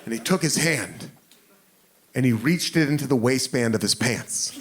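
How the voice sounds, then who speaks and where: A man's voice: mid-range voice, expressive, a little slow, fairly bright tone. An American man doing stand-up storytelling with self-mocking asides, acting out his own panicked thoughts, on a comedy club stage into a handheld mic. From United States. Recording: noisy live club recording.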